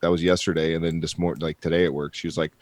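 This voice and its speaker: A podcast host rambles through a casual chat, full of fillers and casual swearing. His voice is low-pitched and fast, with a level, slightly mellow tone and no room sound.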